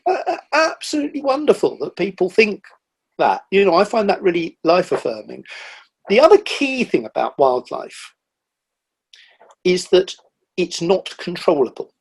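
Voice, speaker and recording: A middle-aged man talks in an easy, conversational way, his voice slightly husky and pitched a little high for a man. He tells enthusiastic, animated stories and slips into lively quoted asides as he speaks. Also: moderate pace. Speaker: guest, nature writer. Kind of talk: casual conversational interview.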